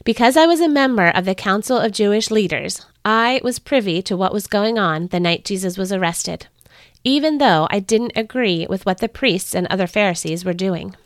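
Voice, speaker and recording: A woman host reading a family devotional story aloud in an earnest, expressive way. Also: mid-range voice, normal speed, no room sound, clean studio sound. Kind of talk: scripted storybook narration.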